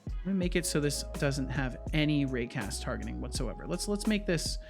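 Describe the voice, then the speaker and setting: A man's voice: mid-range voice, expressive, normal speed, creaky, music in the background. A man streaming as a game developer, chatting casually and thinking aloud with frequent restarts, easily startled. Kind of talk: casual live-coding chat.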